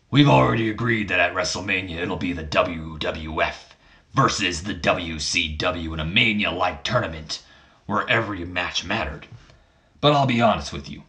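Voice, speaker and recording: A man voicing a smug, scheming older male company boss, speaking slowly and deliberately in a low voice as he acts out dialogue in a wrestling game playthrough. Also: pushed and bright.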